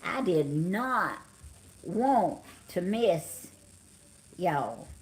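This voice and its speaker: A middle-aged woman from Georgia, US, with a Southern accent, speaks very slowly in a lowish voice with big pitch swings. Tired and yawning, she sits on the couch at home, chatting casually on a live stream and greeting viewers by name.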